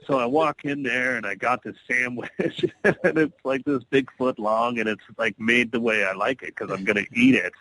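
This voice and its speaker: A man who is an actor guest on a podcast, telling stories in a relaxed, casual way and often laughing. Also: medium pitch, moderate pace, hardly any pauses, low-quality recording. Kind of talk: casual interview storytelling.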